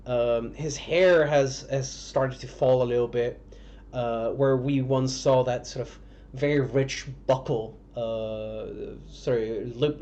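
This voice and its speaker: A male game master narrates a tabletop roleplaying session for a live stream, painting scenes slowly and pausing often as he searches for words. His voice sits in an ordinary middle pitch. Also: a little mellow. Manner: halting, descriptive narration. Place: home streaming setup.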